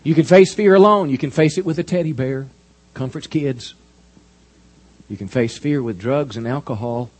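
A man preaching a sermon in an animated, folksy storytelling manner. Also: mid-range voice, normal speed. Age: 50s. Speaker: pastor.

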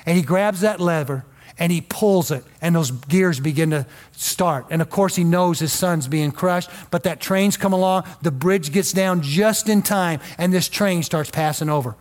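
A man's voice: fairly high pitch, normal speed. A middle-aged male pastor preaching a sermon, telling a story earnestly and building it to emotional peaks. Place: church.

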